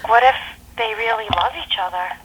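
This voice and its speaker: A woman's voice: fairly high pitch, fairly quick, noisy background. A woman in casual chat who giggles often and asks playful questions.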